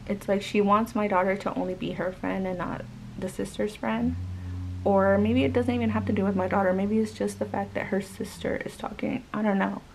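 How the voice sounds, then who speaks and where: A woman's voice: mid-range voice, fairly even intonation, a little fast, gravelly, a little hiss or hum, low-quality recording. A woman vlogger and mother telling a story in casual chat, rambling with many fillers.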